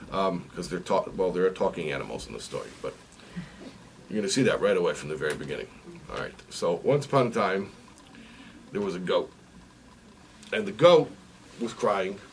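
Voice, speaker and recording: A man's voice: deep voice, lively intonation, fairly quick, long pauses. A man giving a weekly religious lesson, asking repeated questions and telling a parable, recorded on a distant mic with faint noise. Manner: repetitive, questioning, storytelling. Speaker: religious teacher. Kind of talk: sermon with a parable.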